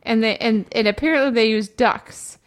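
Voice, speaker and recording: A woman's voice: a little high, normal speed. A woman co-hosting a radio show, telling stories with lots of giggling. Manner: giggly, animated storyteller. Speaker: radio co-host. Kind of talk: casual banter.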